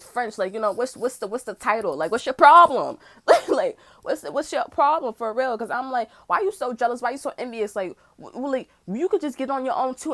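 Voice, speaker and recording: A woman telling a story in a casual, heated rant, swearing often and acting out what other people said. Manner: profane, swings between loud outbursts and low mutters; acts out other people's lines mid-story. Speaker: tarot channel host.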